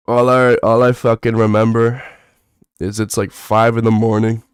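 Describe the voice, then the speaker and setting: A man's voice: fairly low pitch, clean tone, no echo, clean studio sound. A young man streaming, telling a rambling, profane story with lots of fillers in a laid-back way.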